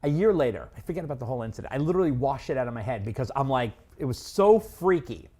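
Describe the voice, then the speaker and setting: A man telling a story in casual podcast chat, animated, acting out other people's lines. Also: mid-range voice, quick pace, slightly rough. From Long Island. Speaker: podcast co-host.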